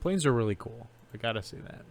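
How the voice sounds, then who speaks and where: A man's voice: mid-range voice, animated, fast talker. A man co-hosting a podcast in casual chat, rambling through guesses and making dry jokes. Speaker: podcast co-host.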